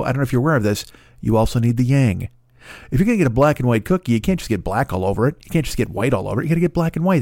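A man's voice: mid-range voice, a little mellow, no room sound, studio quality. A man hosting a podcast, ranting in a profane, exasperated and rambling comedic way. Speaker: podcast host.

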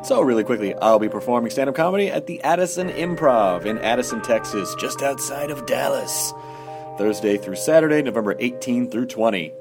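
A man's voice: mid-range voice, lively intonation, brisk. Man hosting a podcast intro. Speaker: podcast host. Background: music.

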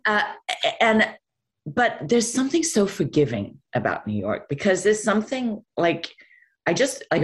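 A woman answering interview questions in a rambling, easygoing way, with lots of fillers and laughter. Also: low-pitched. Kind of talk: casual interview chat.

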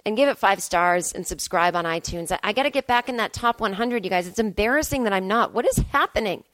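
With no room sound and a fast delivery, this thirties-aged comedian hosts a relaxed solo podcast in a hotel room. She meanders and mocks herself, and her quotes of her own words come out in high, excitable voices.

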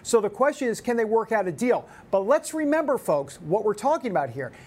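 A man's voice: high-pitched, very animated, fairly quick, a little mellow, husky. A man hosting a talk show, giving casual political commentary in a rambling way. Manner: rambling, with many restarts and fillers.

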